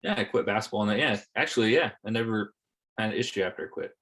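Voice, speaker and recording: A man's voice: fairly low pitch, fast talker, a bit bright. A man in his thirties, a podcast guest, telling stories in casual chat, swearing and repeating words as he goes. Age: 30s.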